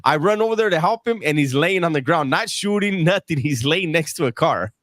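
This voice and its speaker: Man, livestream host, very lively intonation, dry close sound, chatty storyteller. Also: on the high side, fairly quick, dry recording. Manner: animated storytelling, reads chat comments. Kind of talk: casual livestream chat.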